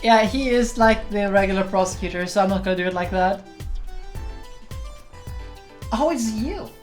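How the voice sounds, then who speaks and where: A woman's voice: mid-range voice, steady tone, quick pace, soft background music. A woman giving casual, chatty let's-play commentary, self-deprecating and full of fillers. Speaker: game streamer.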